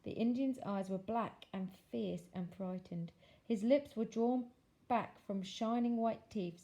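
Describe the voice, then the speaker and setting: A woman teacher reading a children's novel aloud, with expressive, measured storytelling that slows for dramatic phrases. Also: medium pitch, poor audio.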